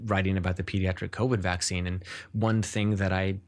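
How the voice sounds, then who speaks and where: A man with a very low voice, speaking as a neurologist in an interview. He talks earnestly and at length, often stopping to restart a sentence before he carries the explanation on. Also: little pitch movement, fairly quick. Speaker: neurologist guest.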